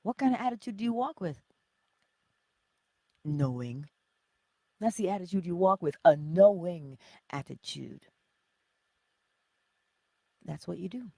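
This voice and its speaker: A woman's voice: lowish voice, normal speed, gravelly, long pauses, mellow, no echo. A woman giving an inspirational morning teaching in a preacherly, conversational way, full of rhetorical questions. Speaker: spiritual teacher.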